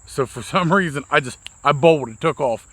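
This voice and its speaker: A man's voice: a little high, normal speed, fairly bright tone. A man telling a rambling, profane, self-mocking story to camera as a vlogger, outdoors. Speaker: vlogger, mobile mechanic.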